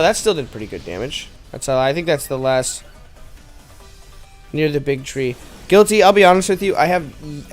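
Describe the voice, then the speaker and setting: Giggly, rambling young male streamer. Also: fairly high pitch. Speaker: game streamer. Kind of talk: casual let's-play commentary. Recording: faint game music behind.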